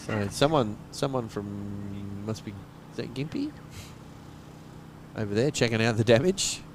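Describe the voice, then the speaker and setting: A man's voice: on the low side, expressive, a little slow. Jokey male cricket commentator outdoors. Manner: jokey, chatty, laughs often. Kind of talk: casual live commentary. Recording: outdoor stream with loud background noise.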